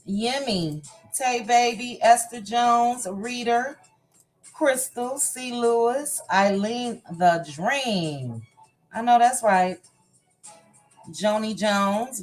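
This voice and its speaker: A woman hosting a live chat show runs through a long list of viewer names in a slow, unhurried, casual way. Faint music plays softly behind her voice. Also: on the high side. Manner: reads viewer names in a warm, chatty run of hellos. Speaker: livestream host. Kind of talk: casual livestream greetings. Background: faint background music.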